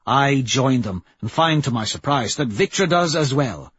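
A man narrating a novel in the first person, steady and measured. His voice is husky and sits in a middle pitch. The recording is dry, with a slightly dull, muffled top end. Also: no echo. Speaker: audiobook narrator.

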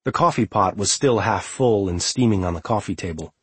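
A man giving a calm, measured audiobook narration of a novel. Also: on the low side, slightly rough, no room sound.

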